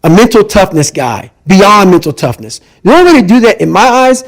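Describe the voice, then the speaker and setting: Very animated and talking a little fast, a podcast guest relates a painful personal story in conversation. His voice is fairly high for a man, and he repeats lines emphatically and intensely to press each point. The audio quality is poor.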